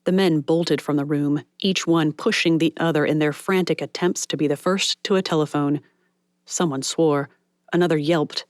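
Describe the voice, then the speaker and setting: A woman reading a novel aloud as audiobook narrator, in measured storytelling narration. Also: deep voice, no room sound, clean studio sound. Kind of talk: scripted narration.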